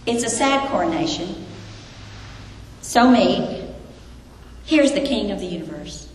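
A woman preaching a sermon, emphatic and full of rhetorical questions with dramatic pauses. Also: mid-range voice, lively intonation. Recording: echoey hall, faint background noise.

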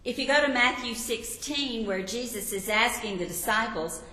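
Bright-voiced woman preaching in a hall. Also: a little high, normal speed. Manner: warm storytelling, asks the listeners questions. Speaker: Bible teacher. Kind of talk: sermon. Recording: echoey hall with long reverb.

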